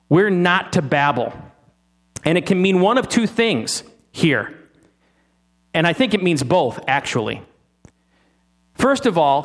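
A man preaching a sermon, teasing his listeners with rhetorical questions and slowing down to stress key words. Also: on the high side.

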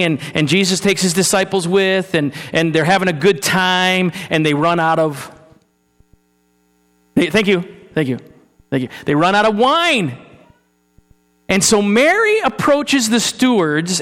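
A man preaching a sermon, talking to his congregation with rhetorical questions and sometimes sinking into a hushed, solemn tone. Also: high voice. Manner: drops to a soft, hushed tone for solemn passages. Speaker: pastor. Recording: hall reverb with mains hum.

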